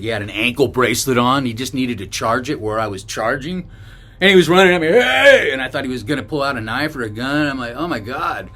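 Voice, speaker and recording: A middle-aged man from Northern California telling a travel story to camera in a casual, rambling way, full of fillers and restarts. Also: medium pitch. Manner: rambling, many fillers and restarts, acts out quoted shouts. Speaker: travel vlogger.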